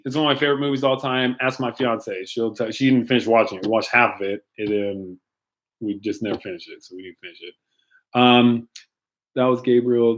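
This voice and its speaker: A young youth pastor chats through viewer questions in a loose, joking way, full of ums and quick laughs. His voice sits at an ordinary middle pitch for a man, and he keeps the tone light and friendly. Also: fairly bright tone. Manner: playful, rambling, laughs often, lots of ums. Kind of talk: casual live-stream Q&A.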